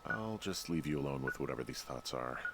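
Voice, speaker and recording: An actor playing a weary middle-aged male fire lookout with dry, deadpan humor, in video game voice acting over game music. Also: rumbling low, fairly quick, slight background noise, full character voice, low-quality recording. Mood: wry.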